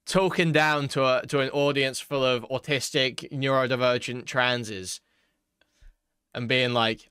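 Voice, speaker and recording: A man's voice: medium pitch, steady tone, a little slow, bright, forceful tone, smooth, no room sound, studio quality. A man reacting to a clip with mocking, crude commentary and frequent laughs. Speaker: commentary host.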